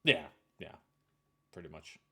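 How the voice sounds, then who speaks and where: A player banters casually and jokes with exasperation while voicing a story game during a playthrough. The voice is bright and forceful, at a measured pace.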